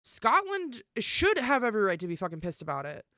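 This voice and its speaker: Bright, crisp-voiced woman streamer ranting. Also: mid-range voice, wildly swooping pitch, fairly quick, no room sound, clean studio sound. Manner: emphatic and profane, with many fillers. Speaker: live streamer. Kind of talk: casual live-stream rant.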